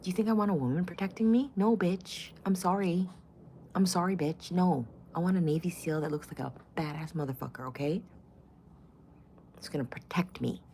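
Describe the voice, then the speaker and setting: A woman's voice: fairly low pitch, normal speed, warm tone, a little hiss or hum. A middle-aged woman vlogging in casual chat, blunt, profane and opinionated.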